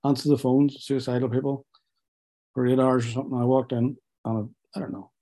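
Tearful man, husky and mellow. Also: medium pitch, level tone. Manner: candid, self-mocking, halting with fillers. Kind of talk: personal storytelling to an interviewer.

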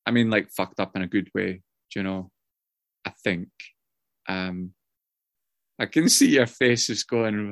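A man's voice: lowish voice, unhurried, creaky, pauses often, no echo. A man sharing his story at a meeting, rambling and self-mocking, swearing freely with many ums and uhs, heard over a video call. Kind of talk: casual personal share.

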